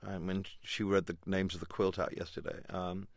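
A man's voice: low-pitched, level tone, moderate pace, dry recording, studio quality. A man speaking as a guest on a radio interview, hesitant, with many ums and restarts.

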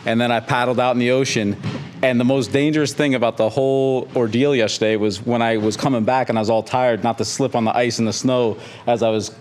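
A man's voice: medium pitch, fairly even intonation, brisk, a little mellow, slight background noise. Matter-of-fact middle-aged man. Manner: matter-of-fact, listing details. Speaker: surf instructor. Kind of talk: interview anecdote.

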